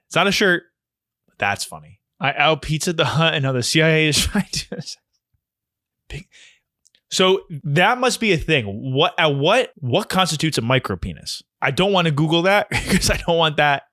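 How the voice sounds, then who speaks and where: Guy riffing on funny shirts, crude rambly jokes, bright tense voice, dry close sound. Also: mid-range voice, no echo. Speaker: video host reacting to shirts. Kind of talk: casual comedic reaction.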